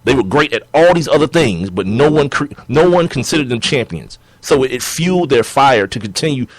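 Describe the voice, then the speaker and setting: A young man co-hosting a sports podcast in casual chat, animated and laughing as he argues his points. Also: mid-range voice, a little fast, dry recording. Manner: animated, laughing, acts out players' quotes.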